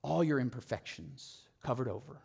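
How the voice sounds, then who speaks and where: A male pastor preaching a sermon, telling the story with animation and dropping to a soft, low voice on key phrases. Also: moderate pace, creaky, breathy edge. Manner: animated storytelling, acting out quotes.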